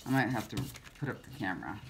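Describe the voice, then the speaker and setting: Crafting vlogger, woman with a deep voice, chatty and self-narrating at her table. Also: very animated, fast talker, very noisy. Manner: chatty, rambling, self-talk while working. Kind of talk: casual crafting chat to camera.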